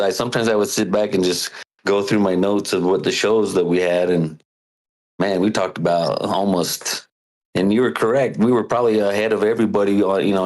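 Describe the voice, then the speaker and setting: A longtime caller talking in a rambling, halting way, full of fillers and restarts. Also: male voice, lowish voice, darkish tone, low-quality recording. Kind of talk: casual call-in chat.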